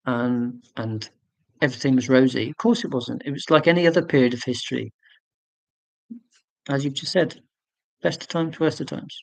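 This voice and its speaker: A man's voice: medium pitch, vocal fry, a little mellow, no echo, rough recording. A man in his forties hosting a casual live stream. He rambles chattily, answering viewer comments with fillers and self-corrections. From United Kingdom.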